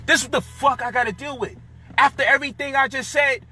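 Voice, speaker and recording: A man's voice: very high-pitched, fairly even intonation, fast talker, pushed and bright, slight background noise. A man delivering a frustrated, profane, lecturing rant. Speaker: commentator. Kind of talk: heated monologue rant.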